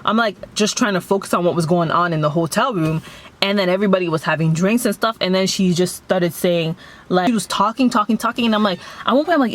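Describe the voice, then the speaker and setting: A young woman from Canada chatting casually as she tells a story, animated and acting out the voices of others. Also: mid-range voice, fast talker. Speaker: vlogger.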